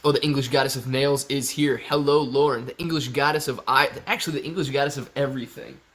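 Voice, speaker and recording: A man's voice: medium pitch, fairly even intonation, fast, a bit bright, slightly rough. A man hosting a casual live stream, reading out viewer comments and greeting people by name in an upbeat way. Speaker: livestream host.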